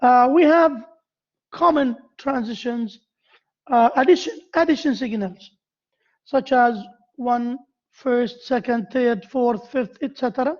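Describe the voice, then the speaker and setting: A woman with an Arabic accent giving a university lecture. She pauses often, repeats key phrases and asks the class questions. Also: on the high side. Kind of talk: classroom lecture on essay writing. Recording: dull lo-fi lecture recording.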